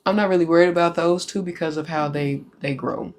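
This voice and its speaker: A woman's voice: lowish voice, steady tone, fairly quick, a little mellow. A woman hosting a casual podcast chat, talking candidly and with plenty of profanity. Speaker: podcast host.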